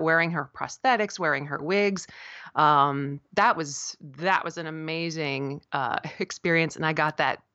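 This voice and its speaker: Give me a lively middle-aged woman, a puppeteer and voice actor chatting in an interview. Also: lowish voice, no room sound, muffled recording. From South Florida, USA. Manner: animated storyteller, laughs often, jumps into quoted voices. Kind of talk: casual interview chat.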